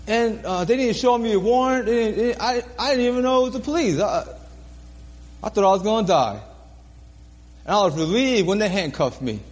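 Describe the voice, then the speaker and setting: A man's voice: sits high, lively intonation, brisk, big-room sound. A man preaching a sermon, telling his own story earnestly, repeating phrases for emphasis and laughing at himself. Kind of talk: sermon testimony.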